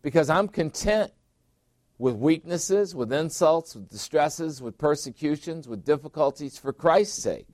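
Delivering a sermon, this middle-aged pastor speaks a little slowly in a voice on the high side, expressive and darkish in tone. He's emphatic, repeats phrases, and asks his listeners questions. It's studio quality, with no room sound.

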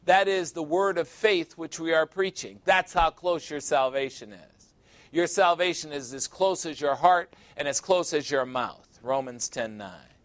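A man's voice: a little high, measured pace, no echo. A man preaching a sermon verse by verse, conversational and teasing, asking his listeners questions. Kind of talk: sermon, verse-by-verse Bible teaching.

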